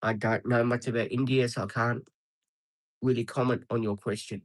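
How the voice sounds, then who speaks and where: A man's voice: medium pitch, steady tone, normal speed, dry recording, rough recording. A man with an Australian accent chatting casually with viewers on a live stream, laughing often and calling everyone mate.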